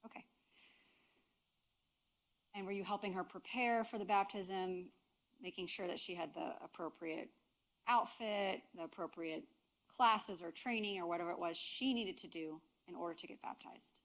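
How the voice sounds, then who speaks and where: A woman attorney questioning a witness during a courtroom examination, formal and measured. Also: on the low side.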